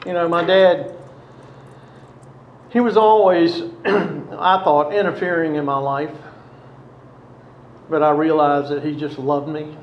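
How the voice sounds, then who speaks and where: A man tells his own past in a halting, reflective way, pausing often. His voice sits a little high. The recording is roomy and slightly muffled, with faint ambience behind him. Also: fairly even intonation, slight background noise. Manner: halting, reflective, many pauses. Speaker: storyteller recounting past addiction. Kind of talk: personal testimony.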